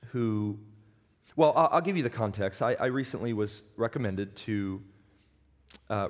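A pastor preaching a sermon, earnest and emphatic, slowing down for weight and sometimes stumbling over restarts. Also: male voice, mid-range voice. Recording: long hall reverb.

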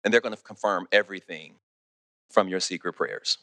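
A man preaching a sermon as pastor, animated, often restarting and asking "okay?". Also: low voice, normal speed, no room sound. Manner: animated, repeats words, asks "okay?" often.

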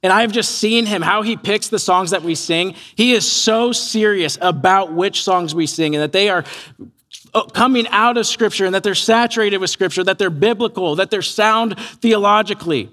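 A man preaching a sermon as pastor, earnest and animated, acting out quoted voices as he tells a story. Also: high voice, moderate pace.

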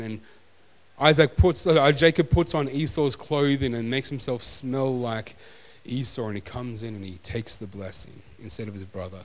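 A man preaching a sermon as pastor, conversational and self-deprecating. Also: medium pitch. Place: church hall. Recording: long hall reverb.

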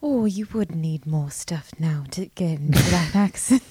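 A woman voicing a gentle, soft-spoken Donegal woman, in a breathy, near-whispered voice with a sing-song Donegal accent that rises and falls. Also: lowish voice, lively intonation, measured pace, dry recording, pitched below the performer's own voice. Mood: dreamy.

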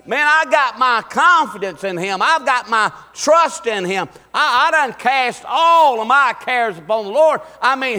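A man's voice: medium pitch, bright, forceful tone, big-room sound. A man preaching a sermon, building emphasis with repeated rhetorical questions. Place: church sanctuary.

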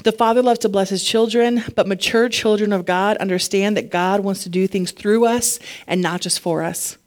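A woman preaching a casual, conversational sermon, animated and chatty, her voice climbing when she gets fired up. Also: medium pitch, normal speed.

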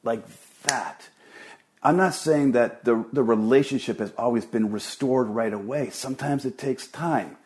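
A man's voice: medium pitch, a little slow, a little mellow, a little hiss or hum. A middle-aged man preaching a sermon as pastor, earnest and emphatic, often repeating words for stress.

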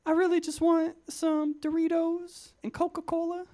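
A man doing a squeaky-voiced friendly homeless beggar. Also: completely flat delivery, normal speed, a little mellow. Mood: pleading. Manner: exaggerated high squeaky impression.

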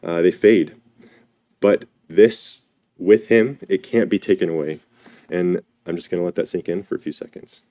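A man with a low, mellow voice talks through a sermon in a relaxed, conversational way. He muses aloud, pausing with fillers as he reflects on scripture. The sound is dry and close. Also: no room sound. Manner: casual, reflective, with many fillers. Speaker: preacher. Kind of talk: informal sermon with scripture reading.

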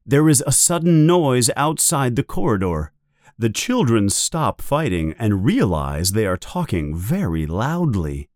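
A man narrating a children's story in a slow, deliberate, expressive way. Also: medium pitch, no room sound, clean studio sound. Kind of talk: storybook reading.

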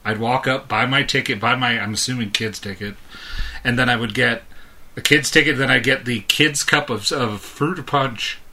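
A man's voice: medium pitch, moderate pace, sharp tone. A man in his thirties, a podcast co-host, telling a long rambling story in casual chat and chuckling often.

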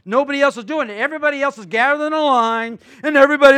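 A middle-aged man preaching as a guest pastor, telling folksy stories and moving between loud preaching and quiet, chatty asides. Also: extremely high pitch, very fast, hardly any pauses. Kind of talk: sermon.

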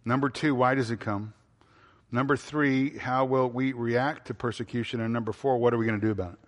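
A man's voice: mid-range voice, steady tone, fairly quick, big-room sound. A male pastor preaching a sermon, asking the congregation questions and answering them himself, repeating phrases for emphasis, with frequent fillers.

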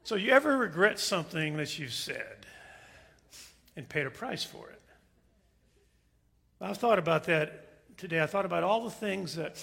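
A man's voice: high-pitched, expressive, moderate pace, vocal fry, pauses often, bright, forceful tone. A man preaching a sermon, opening with a joke and then speaking in an earnest, emphatic way. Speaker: pastor.

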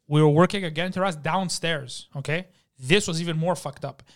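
Young guy with a high voice, swearing a lot, acting out every quote. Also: brisk. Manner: animated, profane, acts out quotes. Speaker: podcast guest. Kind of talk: casual storytelling. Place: studio.

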